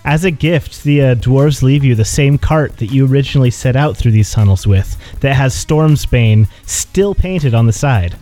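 Mellow male game master. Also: mid-range voice, normal speed, few pauses, faint music behind. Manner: earnest, grateful. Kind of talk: recap narration of a tabletop game.

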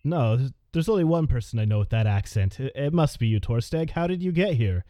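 A man voicing a halting grizzled old sea dog. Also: medium pitch, lively intonation, dark tone, no echo, studio quality, close to an everyday voice. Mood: startled. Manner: halting, stammering. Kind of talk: tabletop game voice acting.

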